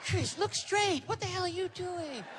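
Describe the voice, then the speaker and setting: A man putting on the voice of a gentle male pop star, soft, breathy and high, with airy, drawn-out phrasing. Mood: scolding. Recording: noisy live comedy recording.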